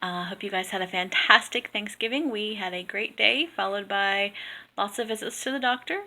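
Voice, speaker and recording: A woman's voice: medium pitch, moderate pace, sharp tone, poor audio. A woman giving an informal class presentation on a dialect, chatty and full of ums and self-corrections. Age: adult with a young daughter.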